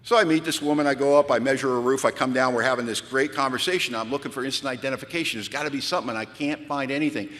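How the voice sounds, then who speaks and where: A man speaking at a recovery retreat, telling animated, self-mocking stories to a crowd. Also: medium pitch, very fast, hardly any pauses. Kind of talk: storytelling talk at a retreat. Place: large event hall. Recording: long hall reverb from a large venue.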